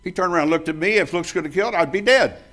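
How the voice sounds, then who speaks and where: A man's voice: sits high, rapid-fire, a bit bright. Folksy, emphatic older man preaching. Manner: folksy, emphatic, laughs often while telling stories. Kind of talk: sermon with personal storytelling.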